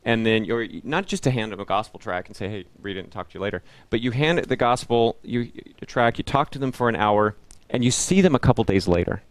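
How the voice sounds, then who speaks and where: A man's voice: mid-range voice, animated, brisk. A man co-hosting a casual talk show who asks questions and often restarts his sentences. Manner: hesitant, repeats words as he works out his thoughts. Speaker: co-host of a street evangelism web show. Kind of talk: casual chat, asking questions.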